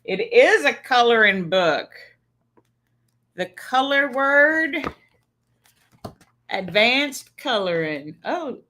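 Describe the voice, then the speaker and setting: A woman's voice: a little high, lively intonation, drawn-out words, pauses often, sharp tone. A woman in her fifties chatting on a birthday livestream, telling stories and laughing often. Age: 50s. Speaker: livestream host. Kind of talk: casual birthday livestream chat. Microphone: streaming setup mic.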